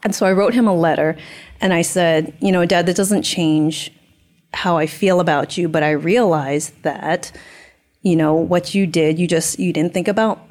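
A woman's voice: lowish voice, steady tone, normal speed, a little mellow. A young woman telling a personal story candidly in a casual podcast chat, acting out quoted dialogue.

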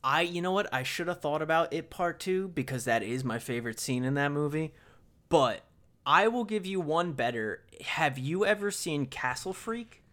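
A man's voice: on the high side, expressive, normal speed, a bit bright. A man co-hosting a film review podcast, retelling scenes in a vivid, emphatic way. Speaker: podcast co-host. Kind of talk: casual film review chat.

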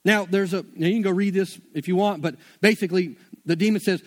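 A high-voiced man delivers a sermon in an easygoing, conversational manner. He drops slang into his teaching and talks to the room like friends. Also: fairly even intonation, quick pace. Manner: casual, conversational preaching with slang. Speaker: preacher.

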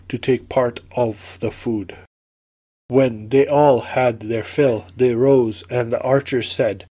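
A male storyteller reading a folk tale in a steady, measured voice. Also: medium pitch.

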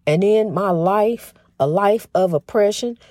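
A middle-aged woman hosting a faith-based talk program in a casual spiritual monologue. She talks fast with a slight stutter, restarts often, and keeps calling her listeners "honey". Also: medium pitch, warm tone, dry recording, clean studio sound. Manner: folksy and emphatic, says "honey" often.

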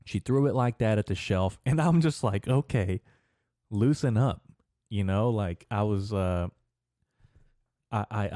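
Getting heated and cursing freely, a young man on his podcast rambles through casual stories about shopping trips. He has a deep, warm voice, and the sound is clean studio audio with no room sound.

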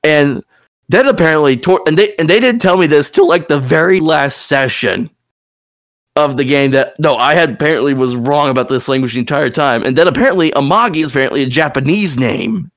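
A man's voice: fairly high pitch, fairly quick, a bit bright. A man with a Southern US accent hosting a casual podcast chat, rambling with many fillers and restarts. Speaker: podcast host and game master.

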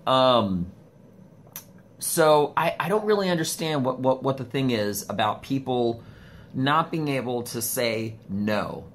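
A man's voice: slow pace, slight background noise. A man vlogging from a room in his home on his phone, rambling in casual talk with lots of swearing and sudden jumps in his voice. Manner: profane, rambling, animated swings in pitch. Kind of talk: casual ranting monologue. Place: home studio room, indoors. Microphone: phone camera.

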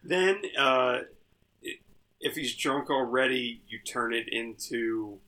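Giggly very bright-voiced guest man. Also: mid-range voice, animated, slow. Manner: giggly, riffing, laughs often. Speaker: podcast guest. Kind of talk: casual comedic chat.

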